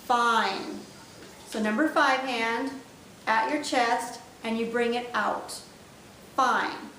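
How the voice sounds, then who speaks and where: Speaking slowly in a fairly bright voice, a woman teaches sign language vocabulary step by step, patiently repeating each word as she demonstrates it. The room echoes, the mic sits at a distance, and a faint rumble is audible.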